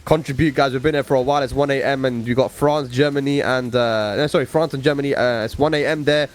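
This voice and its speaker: A man's voice: medium pitch, steady tone, fast. A man commentating a fighting-game tournament stream in casual, slangy banter. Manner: laid-back, slangy banter.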